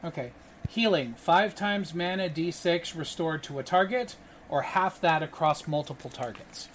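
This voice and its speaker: A man's voice: fairly high pitch, moderate pace, a bit bright, a little hiss or hum. A man running a tabletop game as game master, narrating with many fillers and restarts.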